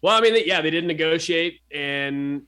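A man's voice: on the high side, normal speed, sharp tone. A man co-hosting a casual sports podcast, joking and rambling with many fillers and restarts.

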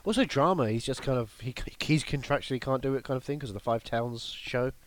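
A British man co-hosting a comedy podcast, rambling and joking in casual chat. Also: a little fast. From United Kingdom. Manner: jokey, rambling, with lively swings in pitch. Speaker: podcast co-host.

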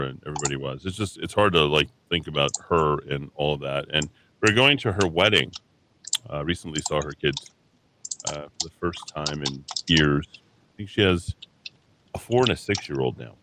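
A man's voice: extremely low pitch, bright, forceful tone, a little hiss or hum. A man hosting a talk radio show from a station studio, rambling opinionated monologue full of hesitations and restarts.

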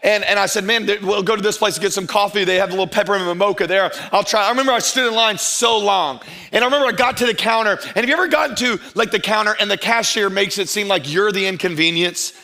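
High, bright-voiced pastor preaching. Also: male voice, gravelly. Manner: animated, humorous, acts out dialogue, slows for emphasis. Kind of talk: sermon with storytelling.

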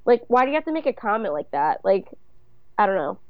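A woman's voice: mid-range voice, very animated, fast talker, dry recording, dull audio. A young woman co-hosting a podcast, telling stories in loose, rambling casual chat. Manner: rambling, loose, filler-heavy storytelling. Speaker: podcast co-host.

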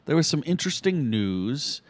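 A man's voice: fairly high pitch, big pitch swings, moderate pace, no echo. A man hosting a political podcast, laid-back and joking as he leads the talk. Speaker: host. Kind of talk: casual podcast chat.

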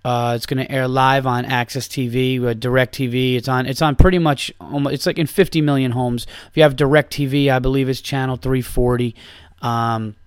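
A man's voice: mid-range voice, fairly even intonation, normal speed, clean tone, dry recording, clean studio sound. A man hosting a podcast, telling a rambling, profane story in a casual monologue full of restarts. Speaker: podcast host and stand-up comedian.

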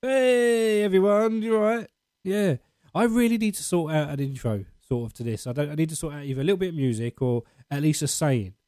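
A man's voice: a little high, expressive, quick pace, few pauses, warm tone, dry recording, soft background music. A man with an Essex accent hosting his podcast segment, rambling and self-mocking in casual chat. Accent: Essex English.

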